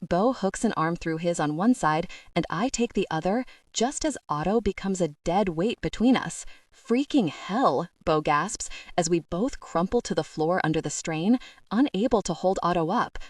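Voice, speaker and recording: A woman with a lowish voice reads a first-person romance audiobook, lending each scene expressive colour. The recording is dry yet sits a little back from the mic. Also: moderate pace, no room sound, distant mic. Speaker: audiobook narrator.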